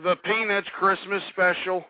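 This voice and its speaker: Male talk radio host, high voice, breathless, ranting and shouting at the audience, dry dull lo-fi broadcast sound. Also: little pitch movement, unhurried, dry recording. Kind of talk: emotional talk radio monologue.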